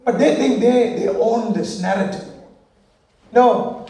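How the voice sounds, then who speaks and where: High-voiced preacher in an echoey church. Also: male voice, takes it slowly, warm tone. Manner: rhythmic call-and-response preaching with repeated parallel phrases. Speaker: pastor. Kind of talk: sermon. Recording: echoey church hall from far off.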